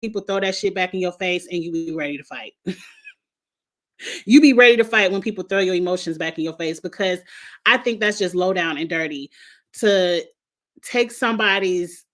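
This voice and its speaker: A woman's voice: on the low side, moderate pace, a bit bright. A woman hosting a casual livestream, talking bluntly about a reality show, laughing often and greeting viewers by name. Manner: greets chat viewers by name between remarks. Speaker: show reviewer and livestream host.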